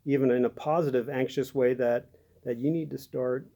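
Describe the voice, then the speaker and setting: A man giving a gentle, halting devotional talk as a pastor, with many pauses and fillers. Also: mid-range voice, steady tone. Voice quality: gravelly.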